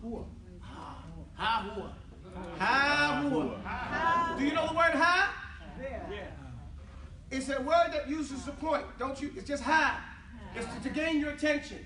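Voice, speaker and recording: A man's voice: very high-pitched, slow, pauses often, a crowd in the background. A man teaching an Arabic class, drilling the students in call and response with a casual, joking manner. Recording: echoey room, distant mic, class audible.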